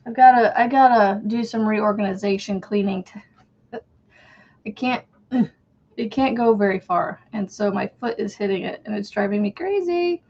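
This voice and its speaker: A woman's voice: mid-range voice, moderate pace, gravelly, a little mellow, muffled recording. A woman hosting a crochet livestream, chatting casually, greeting viewers by name and counting stitches under her breath.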